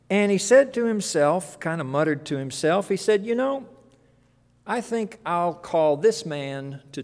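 A man preaching a sermon, telling a story with lively delivery and acting out voices. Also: sits high, big-room sound. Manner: animated storytelling, acts out voices.

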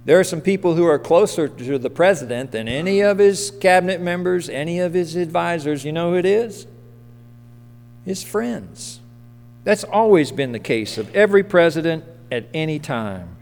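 A man gives a sermon in a church, talking plainly and often asking questions of the people in the pews. His voice sits a little high for a man. The sound has a long reverb off the walls of the hall. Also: animated, moderate pace, darkish tone. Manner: conversational, asks the congregation questions. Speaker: pastor. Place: church sanctuary.

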